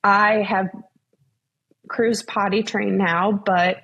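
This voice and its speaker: Young woman guest, earnest faith story, gravelly and husky, lots of "like" and "um". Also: mid-range voice, fairly even intonation, slow, fairly bright tone, highs cut off. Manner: earnest, many fillers like "like" and "um". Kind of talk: faith interview, personal story.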